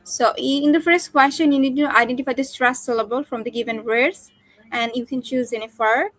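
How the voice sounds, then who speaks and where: A woman teacher runs an oral exam, her voice sitting somewhat high. She reads out each question and gives brisk instructions. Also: steady tone, fairly bright tone, no echo, poor audio. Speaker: teacher examining. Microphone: online call.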